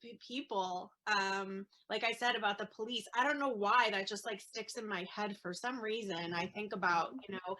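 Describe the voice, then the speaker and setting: A woman speaking as an interview guest, an earnest mother talking in a halting way with many fillers and restarts. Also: mid-range voice, sharp tone, poor audio. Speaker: guest, autism mom. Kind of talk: casual interview chat.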